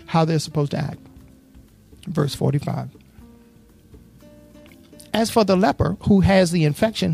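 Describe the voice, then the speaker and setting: A preacher reading scripture aloud and quizzing the congregation on the missing words, then building into passionate preaching. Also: mid-range voice. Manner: asks the congregation to fill in words; builds from steady Bible reading to impassioned preaching. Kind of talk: sermon with call and response. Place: church.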